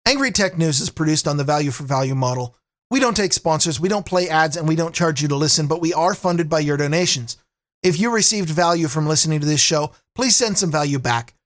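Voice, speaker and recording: A man's voice: fairly high pitch, lively intonation, brisk. A man hosting a podcast, signing off in a wry, self-deprecating way. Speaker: podcast host. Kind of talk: podcast sign-off.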